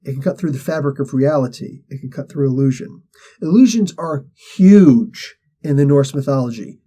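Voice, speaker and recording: A man's voice: mid-range voice, normal speed, dark tone. A man hosting a show, casually retelling a comic story in a slangy, rambling way, acting out the characters' lines. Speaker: host.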